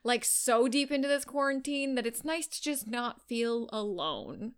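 A woman's voice: a little high, lively intonation, a little slow, clear, resonant tone. A Canadian woman co-hosting a podcast, chatting casually and laughing often. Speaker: podcast co-host. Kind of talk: casual chat.

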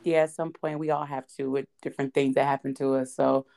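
A woman's voice: very deep voice, level tone, fairly quick, creaky, dark tone. A woman in casual podcast chat, answering with brief, sympathetic reactions. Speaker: podcast guest.

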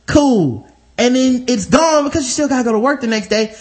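A man's voice: extremely high pitch, quick pace. A man in casual podcast chat, rambling through comic riffs full of swearing and mock voices.

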